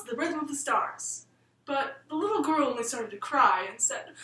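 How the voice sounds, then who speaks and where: A woman telling a bedtime story in a lilting, expressive manner. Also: a little high, normal speed, far from the mic, noisy background. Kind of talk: storybook narration. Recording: roomy room, voice set back from the mic.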